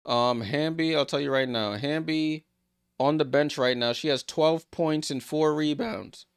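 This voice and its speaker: A man hosting a live watchalong stream, calling basketball play-by-play and reacting excitedly to each play. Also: on the high side, a little slow, clear, resonant tone. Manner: excitable, rattles off passes, reacts aloud. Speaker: watchalong host.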